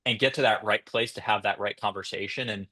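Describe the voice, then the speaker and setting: A man's voice: on the low side, fairly even intonation, fairly quick, bright, forceful tone. A man speaking on a conference panel about sales, thoughtful, with frequent restarts and hedges. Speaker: panelist, sales tech founder.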